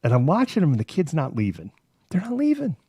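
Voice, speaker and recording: A man's voice: a little high, huge pitch swings, quick pace, dark tone, breathy edge, no room sound, studio quality. A man hosting a live stream, telling rambling stories with a lot of swearing. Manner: rambling, profane storytelling. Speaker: host. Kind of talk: live-stream casual chat.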